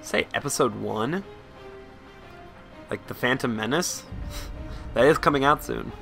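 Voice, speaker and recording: A young man giving casual, excitable let's-play commentary, often incredulous and swearing. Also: medium pitch, measured pace, creaky, soft background music. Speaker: gameplay commentator.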